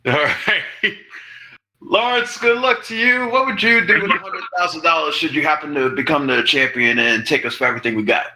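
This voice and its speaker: A man runs a game show with a joking, teasing manner. His voice is bright and sits a little high for a man. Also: normal speed, low-quality recording. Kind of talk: playful game show hosting.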